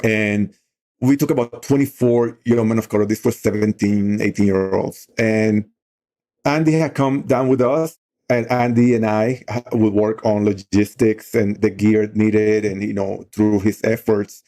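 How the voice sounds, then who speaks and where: A man's voice: on the low side, fairly even intonation, measured pace, dark tone. A middle-aged man on a talk show, earnestly telling a story with many "you know" fillers. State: emotional while telling the story. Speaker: guest on a talk show, outdoor program leader. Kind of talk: conversational storytelling.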